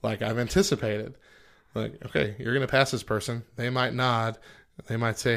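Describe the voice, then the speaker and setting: A man's voice: mid-range voice, steady tone, a little fast, vocal fry, fairly bright tone. A man co-hosting a podcast in casual chat, playful and self-mocking, laughing often. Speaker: podcast co-host.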